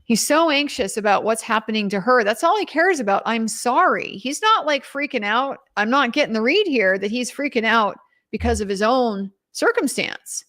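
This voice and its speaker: A young woman legal commentator recaps a trial casually, sounding incredulous and emphatic as she reads out quotes along the way. Her fairly high, expressive voice moves at normal speed with a fairly bright tone.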